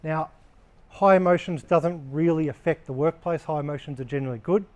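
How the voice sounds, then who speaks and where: Male workplace trainer, slightly higher pitch, blunt and casual, swears, talks to a live group. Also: a little fast, a little mellow.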